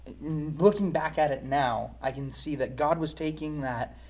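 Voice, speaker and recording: A man's voice: on the high side, unhurried, darkish tone. A man speaking as an interview guest, giving a candid personal testimony in a reflective, frank way.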